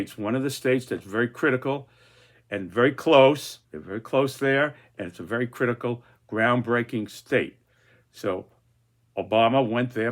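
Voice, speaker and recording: Guy walking through his political cartoons, rambles a lot, keeps restarting, average pitch. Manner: rambling, many restarts and fillers. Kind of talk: casual commentary on political cartoons.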